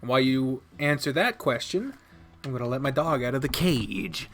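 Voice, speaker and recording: A man's voice: mid-range voice, normal speed, fairly bright tone, faint music behind. A man hosting a let's play, chatting casually, often laughing, swearing and restarting his sentences. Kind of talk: casual chat.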